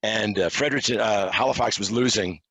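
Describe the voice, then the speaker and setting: A middle-aged man from Quebec, a podcast guest telling casual, self-deprecating stories in a relaxed way. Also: lowish voice, brisk, breathy edge, dry recording. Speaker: interview guest, hockey officiating analyst. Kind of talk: casual storytelling.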